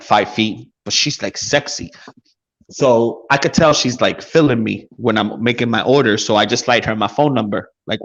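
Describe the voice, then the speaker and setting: A man's voice: on the low side, dull audio. A man co-hosting a podcast, telling crude, profane stories in casual chat. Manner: crude, profane anecdotes with many fillers. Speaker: podcast co-host.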